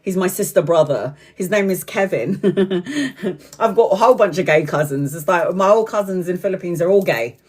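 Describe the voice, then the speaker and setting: A woman's voice: fairly low pitch, moderate pace, a little mellow, husky. A woman doing a live tarot reading, chatting and often laughing while she talks, now and then stretching out phrases for emphasis. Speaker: tarot reader.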